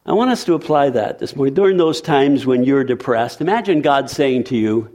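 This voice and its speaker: Animated male preacher with a lively voice. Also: medium pitch, fairly quick, muffled recording. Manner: animated, emphatic, conversational preaching. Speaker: pastor. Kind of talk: sermon.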